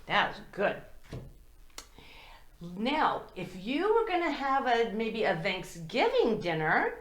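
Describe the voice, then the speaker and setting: Preschool teacher, woman, slow sing-song delivery, echoey room. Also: a little high, slight background noise. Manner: slow, animated and sing-song, speaking to small children. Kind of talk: children's circle-time lesson with songs. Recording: roomy echo.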